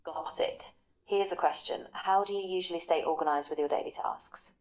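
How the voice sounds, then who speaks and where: A woman's voice: on the low side, moderate pace, a little mellow, low-quality recording. A synthetic woman's voice of an AI assistant, upbeat and encouraging, acting as a polished conversation practice partner.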